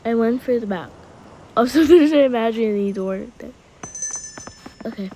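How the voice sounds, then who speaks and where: A woman's voice: fairly high pitch, moderate pace, pauses often, dark tone, slight background noise. A woman chatting as she plays a pretend game, voicing her characters and now and then shrieking for a crying baby. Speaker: player narrating a pretend-play game. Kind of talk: casual play narration with character voices.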